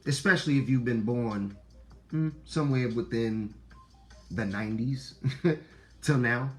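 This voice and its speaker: Deep-voiced man preaching to viewers. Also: unhurried, soft background music. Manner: preachy, repeats lines for emphasis, swears; swings between loud outbursts and low murmurs. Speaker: online talk host. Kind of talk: casual monologue to viewers.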